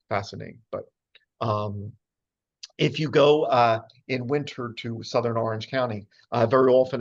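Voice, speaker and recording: Man, chatty birding lecturer, muffled lo-fi audio. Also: medium pitch. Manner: chatty, many fillers and asides. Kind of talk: casual slide talk on birds. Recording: dull lo-fi sound.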